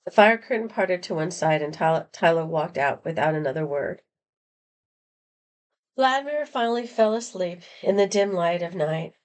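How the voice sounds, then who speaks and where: A woman reads a children's novel chapter aloud. Her narration is steady and unadorned, with pitch that moves readily. She stops now and then to correct a slip. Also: normal speed.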